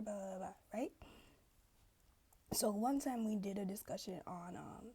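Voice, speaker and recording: A woman's voice: medium pitch, fairly even intonation, normal speed, vocal fry, mellow, slightly rough. A woman vlogging in a casual, chatty storytelling way, full of asides and fillers, acting out the voices of people she quotes.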